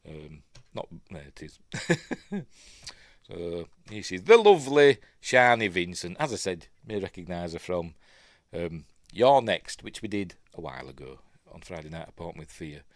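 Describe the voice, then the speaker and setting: A man's voice: low voice, very animated, normal speed, dry recording, clean studio sound. A man with a Yorkshire accent talks through a film in a casual, rambling way, full of ums and asides. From Yorkshire, England. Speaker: film reviewer.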